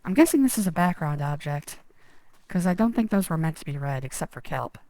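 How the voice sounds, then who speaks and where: A woman's voice: low-pitched, lively intonation, brisk, dark tone, no room sound, low-quality recording. A woman streamer chatting casually and rambling over gameplay, self-deprecating. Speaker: game streamer.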